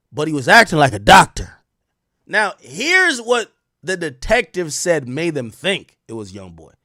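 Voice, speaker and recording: A young adult man hosting a commentary show, talking in a mocking, animated way that swings from loud outbursts to low muttered asides. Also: dry recording, studio quality. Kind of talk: sarcastic news commentary.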